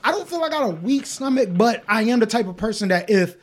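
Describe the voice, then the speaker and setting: A young man with a high voice tells a story on a podcast, acting out what everyone said. His talk is loose and full of swearing. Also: fast talker. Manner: animated storytelling, acting out quotes, frequent swearing. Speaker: podcast co-host. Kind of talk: casual chat.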